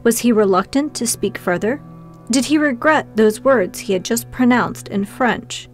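A woman narrating a classic novel as an audiobook, reading steadily and with measure. Her voice sits somewhat high, with soft music faintly behind it. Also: unhurried. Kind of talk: first-person scripted narration.

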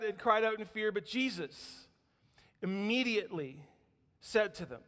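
High-voiced animated pastor in a reverberant church. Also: male voice, unhurried. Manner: animated storytelling preaching, acting out quotes. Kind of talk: sermon. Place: church sanctuary.

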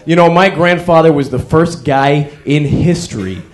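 A young man performing a stand-up comedy set, telling wry stories with sudden yells. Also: on the high side, normal speed, few pauses. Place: comedy club stage before a live audience. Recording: crowd laughter behind. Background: audience laughter.

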